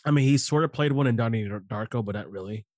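A man's voice: mid-range voice, fast talker, dry recording. A man in his late forties chatting casually with a friend about a movie, loose and profane in his banter. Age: 40s. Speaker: podcast co-host watching a movie. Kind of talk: casual chat.

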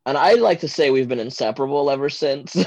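Podcast guest, male, from LA, mid-pitched voice, rambling and giggly, lo-fi dry recording. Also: a little fast, no room sound. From Los Angeles, USA. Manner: chatty, rambling, many fillers like "like" and "um"; giggly, animated when retelling moments. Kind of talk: casual storytelling interview.

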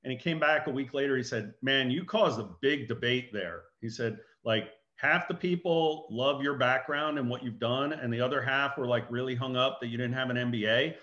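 A man giving an animated business talk as a guest speaker, acting out dialogue and anecdotes. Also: mid-range voice, moderate pace, hardly any pauses, muffled recording.

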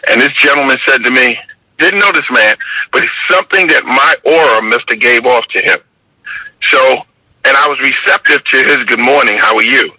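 An older man with a New York accent tells stories in a slow, measured interview manner. His voice is bright and husky, and it sounds dry and tinny, like it is coming over a phone line. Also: medium pitch, no room sound. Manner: measured, repeats "you understand?". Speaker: guest, basketball referee mentor. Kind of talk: reflective interview storytelling.

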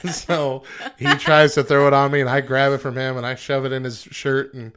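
A man's voice: mid-range voice, little pitch movement, fairly quick, fairly bright tone, smooth. A man in his thirties co-hosting a casual podcast chat, joking and laughing easily as he tells a family story. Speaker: podcast co-host.

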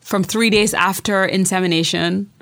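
A woman's voice: medium pitch, steady tone, normal speed, fairly bright tone. A woman with a Jamaican accent, a poet and memoirist guest, telling personal stories candidly and emphatically, often repeating words as she starts a sentence.

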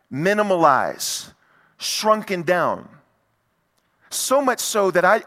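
A middle-aged man delivers a sermon in a church sanctuary, hammering points home through repetition. His voice sits high and bright for a man. A long hall reverb trails every phrase. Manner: emphatic, repetitive preaching with rising intensity. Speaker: pastor.

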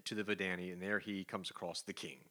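A man co-hosting a podcast, recapping comic book plots in an animated, casual way. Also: low-pitched, quick pace. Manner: animated recapping, acts out quoted lines. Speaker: podcast co-host.

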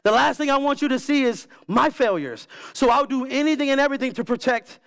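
A man preaching a sermon as pastor, animated and emphatic, repeating key words for effect. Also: very high-pitched, fairly quick. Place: church.

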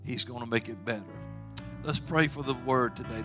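A man preaching a sermon as pastor of a church, telling homespun stories and rising to loud exhortation when he leads praise. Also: mid-range voice, steady tone, moderate pace, music in the background. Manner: folksy storytelling with plain asides.

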